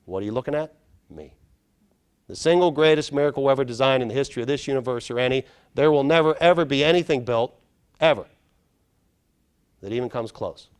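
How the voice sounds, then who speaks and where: A middle-aged man, a neuropsychologist, giving an animated conference keynote, quizzing the audience and acting out little scenes. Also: mid-range voice, fast talker, clear, resonant tone. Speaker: neuropsychologist speaker. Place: large conference hall.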